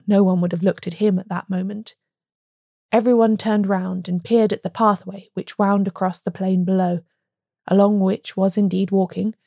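A woman narrates a classic detective story in a steady, measured way. Her voice is mellow and gravelly, with a slight fry. The recording is dry and close. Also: medium pitch, no echo. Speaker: podcast host reading a story.

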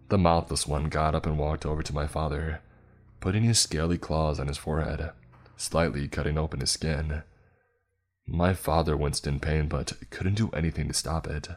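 Very deep-voiced man narrating horror. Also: fairly even intonation, normal speed, faint music behind. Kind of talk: scripted horror story narration.

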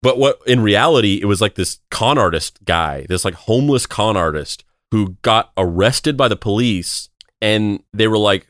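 A man's voice: lowish voice, normal speed, a bit bright, no echo, studio quality. A man hosting a podcast, telling a story in casual chat, rambling with many restarts and filler words.

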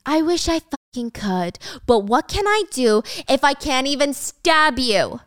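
A crude, swearing teenage boy villain, voiced by a woman retelling the plot, taunting his classmates with a pitch raised a little above her usual voice. The delivery is smooth and close. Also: sing-song, measured pace, no room sound. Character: volatile young male student villain.

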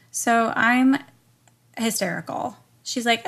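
A woman's voice: fairly high pitch, steady tone, normal speed, a bit bright. A woman recounting a personal experience as a podcast guest, emotional, swearing and full of fillers. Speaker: guest singer-songwriter. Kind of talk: telling a personal story.

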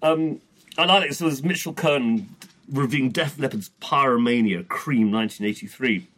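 A man's voice: medium pitch, moderate pace, fairly bright tone. A man with a British accent hosting a podcast, reading old press clippings aloud in a casual, rambling way with stammered restarts. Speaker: podcast host.

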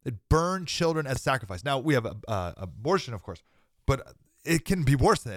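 A young man gives an emphatic preaching monologue as a podcast host, his pitch leaping high and dropping low as he drives each point home. He sounds slightly sick with a cold and laughs briefly between thoughts. The recording is close and dry, with no room sound. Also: big pitch swings, moderate pace, fairly bright tone, dry recording.

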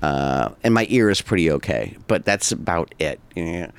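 A man's voice: sits low, big pitch swings, normal speed, vocal fry, smooth. A man hosting a podcast in casual chat, rambling with many fillers and frequent laughter. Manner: rambling, laughs often, lots of filler words. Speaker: podcast host.

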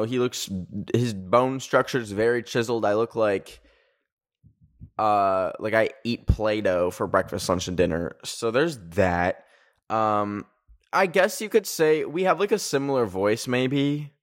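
A man's voice: fairly low pitch, unhurried. A young man hosting a solo podcast, with a whiny, nasal voice, rambling through a story full of fillers and swearing. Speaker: podcast host.

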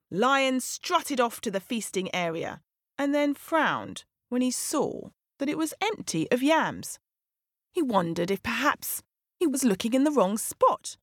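Expressive woman storyteller, unhurried. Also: on the high side, no echo, clean studio sound. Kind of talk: children's story narration.

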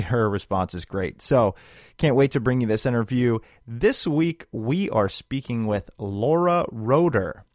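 A man in his thirties hosting a podcast, introducing the episode in a chatty, animated, self-joking way. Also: medium pitch, dry recording, clean studio sound. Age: 30s. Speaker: podcast host.

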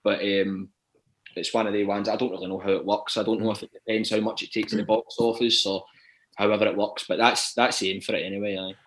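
A man's voice: lowish voice, little pitch movement, quick pace, a bit bright, slight background noise. A Scottish man chatting casually as a guest, with frequent restarts and fillers. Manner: hesitant, lots of restarts and "do you know what I mean". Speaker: guest actor. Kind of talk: casual podcast chat.

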